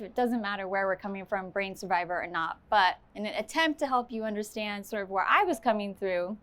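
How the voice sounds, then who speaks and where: A woman's voice: mid-range voice, a bit bright. A woman speaking on stage to a live audience, telling a personal story with candid, self-deprecating humor and then answering questions.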